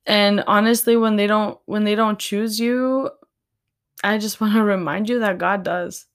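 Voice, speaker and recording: A woman speaks slowly and gently, with unhurried pauses, as she offers faith-based encouragement. Her tone is earnest and tender, and she sounds close to tears. Her voice sits at an ordinary middle pitch. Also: steady tone. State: tearful, near crying. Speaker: podcast host.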